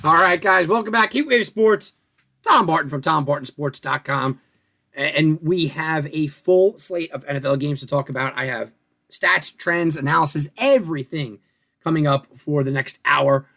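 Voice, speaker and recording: He's a sports radio host whose slightly high voice has vocal fry and a sharp tone, moving at a moderate pace. In relaxed sports analysis, he works through rankings and stats, musing aloud and asking rhetorical questions.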